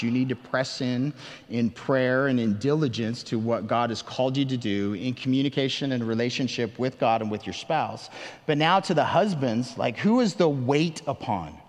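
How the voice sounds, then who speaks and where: A man preaching a sermon as pastor, earnest and conversational, with self-deprecating asides and emphatic questions to the congregation. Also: mid-range voice. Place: church sanctuary. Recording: long reverb of a large hall.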